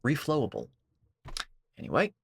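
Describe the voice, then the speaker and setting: A man commenting on a video, lecturing and sarcastic, with sudden high-pitched outbursts. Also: huge pitch swings, moderate pace, vocal fry, breathy edge, no echo.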